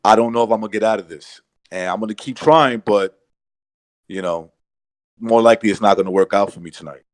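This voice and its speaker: A man's voice: fairly low pitch, brisk, no room sound, poor audio. A man co-hosting a podcast in casual chat, rambling, restarting his sentences and acting out what others said. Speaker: podcast co-host.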